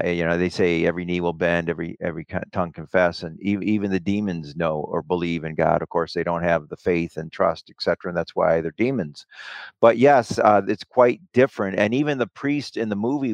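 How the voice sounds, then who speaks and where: A man with a somewhat low voice talks at length, retelling film scenes with frequent restarts and asides. The sound is dry and close, with no room around him. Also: fairly even intonation, brisk, dry recording. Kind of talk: casual discussion.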